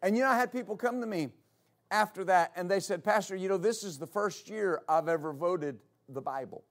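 Man, pastor, high voice, sermon, emphatic repetition, church. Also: brisk. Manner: preaching with rising emphasis, repeating key phrases.

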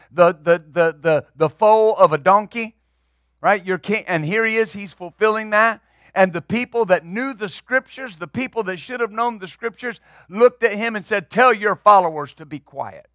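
A man's voice: high voice, normal speed, fairly bright tone, no room sound, studio quality. A man preaching as pastor, emphatic and building in bursts, often repeating words as he drives a point home. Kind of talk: sermon.

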